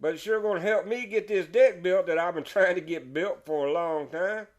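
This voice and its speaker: A crafty redneck neighbor drawls in a smug, high Texas voice, as a folksy man acts him out. He sounds sure of himself and speaks up loudly and brightly. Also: normal speed, lightly acted. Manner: drawling, smug, raised and louder pitch. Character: sly redneck neighbor who tricks his friend.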